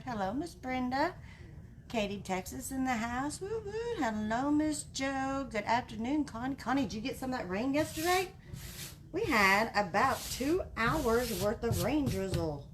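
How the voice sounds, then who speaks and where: Woman craft live-streamer, bubbly, slightly high voice, slow and friendly, faint hum behind. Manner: bubbly, greets viewers by name with little cheers. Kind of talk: chatty live-stream greetings.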